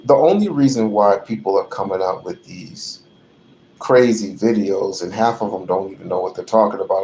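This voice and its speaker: A man hosting his channel, delivering a profane, repetitive rant that builds to shouting. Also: low voice, slight background noise. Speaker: channel host. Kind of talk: ranting commentary. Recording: roomy echo.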